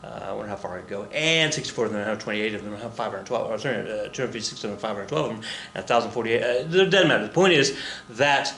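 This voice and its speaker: A man's voice: on the low side, lively intonation, quick pace, gravelly, bright, forceful tone, roomy sound, slight background noise. A man teaching a casual recorded history lesson, rambling and jokey, muttering to himself and acting out the people he quotes.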